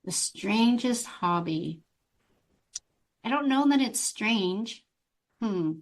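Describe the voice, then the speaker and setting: A woman's voice: on the high side, animated, slow pace. A middle-aged woman, a life coach, telling her story expressively in an interview. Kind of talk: conversational interview.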